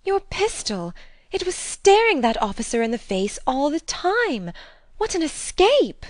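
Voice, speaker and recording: A woman's voice: sits high, very animated, measured pace, no room sound. A woman reading the part of a proud, romantic young Bulgarian lady in an audiobook drama, haughty and scornful.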